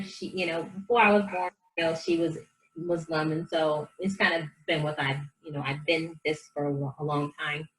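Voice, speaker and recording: Her voice is lowish, and the poor recording carries a little hiss or hum. A guest on a relaxed interview, this life coach tells earnest, lively stories of her history and faith, performing the voices of people she quotes.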